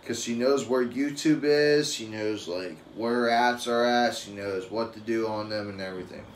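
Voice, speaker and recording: A man's voice: lowish voice, normal speed. A young adult man and father talking casually on a live stream, telling rambling, profane stories. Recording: roomy echo with faint ambient noise.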